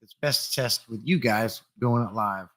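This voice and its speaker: A man hosting a casual live stream, chatting in a relaxed way and greeting viewers by name, recorded on a desktop mic in a room full of glass fish tanks. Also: mid-range voice, moderate pace. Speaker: livestream host. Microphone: desktop USB condenser mic.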